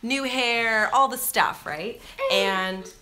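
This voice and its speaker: A woman's voice: on the high side, slow pace, over a noisy crowd. A Canadian woman in her thirties talking to camera in a casual, scattered vlog chat, laughing easily as she goes. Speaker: vlogger.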